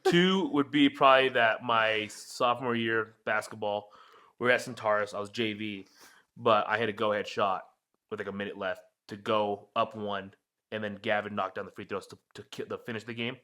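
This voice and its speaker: Bright-voiced young man telling sports stories. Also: lowish voice, normal speed. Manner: animated storytelling, heavy swearing. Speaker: podcast co-host. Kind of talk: casual chat.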